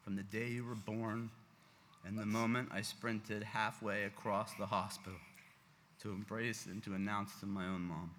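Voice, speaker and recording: A man speaks as a proud father at a ceremony, emotional and close to tears. His voice sits a little low but rings bright and forceful. It carries a long reverb from a large sanctuary with faint noise behind. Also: little pitch movement, normal speed. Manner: emotional, heartfelt, fighting back tears. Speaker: father of the bat mitzvah girl. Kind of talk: parent's speech read at a ceremony.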